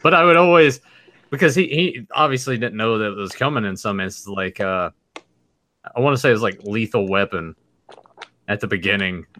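A man's voice: fairly low pitch, fairly quick, a bit bright. A man on a podcast hesitantly recalling movies from his teenage years, with many fillers. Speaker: podcast co-host. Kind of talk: casual chat.

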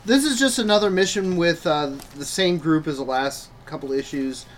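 A man's voice: fairly high pitch, normal speed, a little hiss or hum. A man co-hosting a comic book chat, rambling with many fillers and restarts. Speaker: comic book podcast co-host. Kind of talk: casual chat.

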